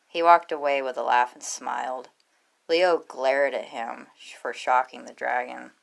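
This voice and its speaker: A woman reading a fan fiction story aloud in plain, steady narration. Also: rumbling low, measured pace, creaky.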